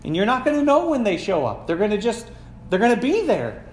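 A man's voice: high-pitched, very animated, brisk, echoey room, slight background noise. A man in his forties, a pastor, preaching a conversational sermon full of rhetorical questions.

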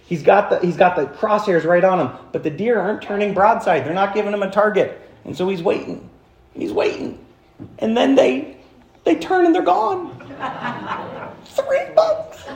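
A man preaching a sermon as pastor, animated, swinging from hushed passages to loud, high-pitched points. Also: brisk, creaky, echoey room. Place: church.

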